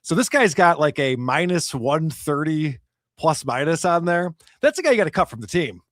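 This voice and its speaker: A man co-hosting a podcast, making deadpan, wry remarks in casual chat. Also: a little high, moderate pace, no room sound, clean studio sound. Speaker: podcast co-host.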